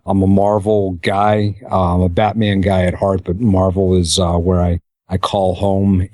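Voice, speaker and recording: A middle-aged man from Pittsburgh, a podcast guest chatting casually with wry, deadpan humor. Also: low-pitched, dry recording, clean studio sound.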